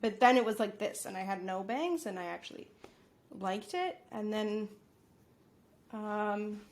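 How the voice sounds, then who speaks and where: A young adult woman with a Canadian accent, a guest actor in a casual chat, friendly and quick to laugh. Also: fairly high pitch.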